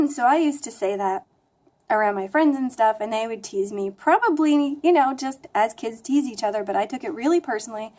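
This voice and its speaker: Chatty young woman with flat American accent. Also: fairly high pitch, normal speed. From United States. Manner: chatty, self-deprecating, rambling asides. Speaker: language vlogger. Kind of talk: casual talking-to-camera vlog.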